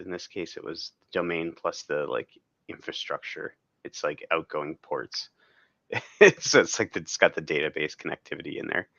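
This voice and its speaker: Very deep-voiced rambling man. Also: sharp tone, no room sound. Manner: rambling, frequent laughs. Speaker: podcast guest. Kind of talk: casual chat. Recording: dull, dry lo-fi sound.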